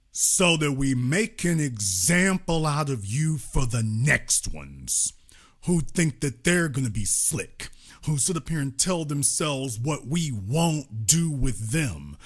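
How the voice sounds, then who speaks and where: A man hosting a live commentary show, ranting in a sarcastic, mocking, profane way, with fast bursts and slow, drawn-out emphasis. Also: a little high, fairly bright tone, slightly rough. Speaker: political commentary host.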